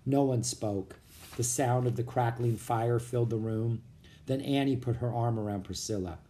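A man reading a children's book aloud as narrator, with expressive storytelling. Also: medium pitch, moderate pace, slight background noise. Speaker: audiobook narrator.

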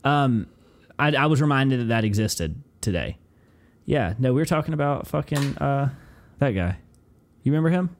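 A man co-hosting a podcast in loose, excited banter with casual swearing. His voice sits at a middle pitch for a man. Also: normal speed, long pauses, a little hiss or hum. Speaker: podcast co-host.

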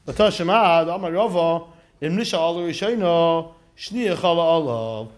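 A man teaching a lively study class, explaining step by step with rhetorical questions and acted-out quotes. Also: fairly high pitch, normal speed. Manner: animated, asks rhetorical questions, acts out quotes. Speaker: Talmud teacher.

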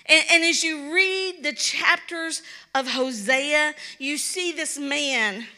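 A woman's voice: high-pitched, takes it slowly, sharp tone. A woman from Kentucky with a Kentucky accent, preaching an earnest, pleading sermon and repeating words for emphasis.

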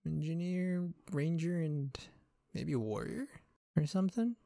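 A man chatting as a guest on a gaming podcast, excitable, laughing and swearing casually. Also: a little high, measured pace, creaky, no echo, clean studio sound.

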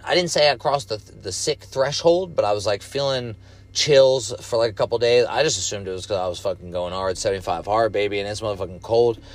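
A young man with a somewhat low voice tells a casual story. He rambles loosely from one point to the next, and his speech is blunt and profane throughout.

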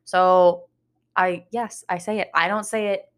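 A woman's voice: fairly low pitch, steady tone, measured pace. A young woman with a slight New York accent hosting a casual podcast, chatty and swearing freely. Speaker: podcast host.

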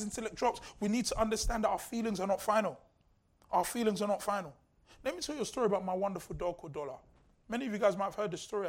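A male pastor preaching a sermon in a conversational, humorous way, repeating key lines for emphasis. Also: sits high.

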